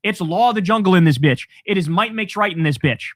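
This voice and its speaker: A man's voice: high voice, animated, fairly quick, fairly bright tone, no room sound. A man delivering angry, profane political commentary on a livestream, ranting sarcastically.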